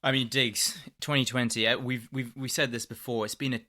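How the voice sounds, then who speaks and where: A man's voice: mid-range voice, level tone, fairly quick, very noisy. A man co-hosting a podcast, chatting with ironic enthusiasm. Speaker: podcast co-host. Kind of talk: casual chat.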